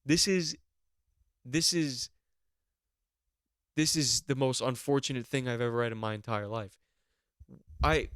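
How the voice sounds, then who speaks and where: A man hosting a podcast, going on an animated, mock-outraged comedic rant with plenty of swearing. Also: mid-range voice, dry recording, studio quality. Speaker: podcast host.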